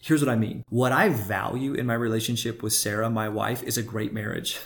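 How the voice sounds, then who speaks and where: A man hosting his own coaching podcast, speaking in an energetic, conversational way and chuckling often as he talks to his listeners. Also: lowish voice, a little fast. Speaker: life coach and podcast host. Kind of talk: motivational podcast monologue.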